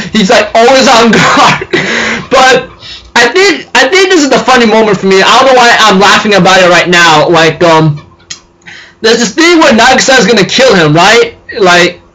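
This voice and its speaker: High, bright-voiced man rambling a recap. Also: lively intonation, moderate pace, low-quality recording. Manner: rambling, full of "you know" and "and so forth"; giggly, laughs while talking. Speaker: anime reviewer. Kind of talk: casual episode recap.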